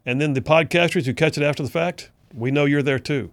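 A man's voice: a little high, a little fast, no room sound. A middle-aged man hosting a conservative political talk radio show, folksy and sarcastic in his commentary. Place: radio studio.

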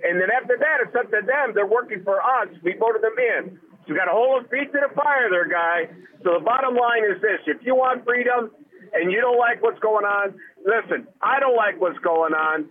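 A man's voice: sits high, breathy edge. A man calling in to a radio show, giving a folksy, emphatic blue-collar rant. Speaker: caller. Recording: tinny phone line.

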